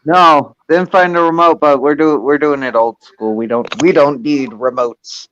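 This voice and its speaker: A man's voice: fairly high pitch, steady tone, normal speed, fairly bright tone, lo-fi sound, slight background noise. A laid-back man chatting casually as a co-host, mostly giving short, agreeing replies. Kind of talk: casual chat.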